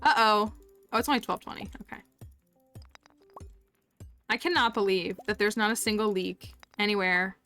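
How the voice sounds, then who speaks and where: A woman's voice: mid-range voice, moderate pace, pauses often, bright, forceful tone, faint music behind. A woman chatting casually to viewers while streaming a farming game, giggly and talkative. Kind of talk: casual live-stream chat while gaming.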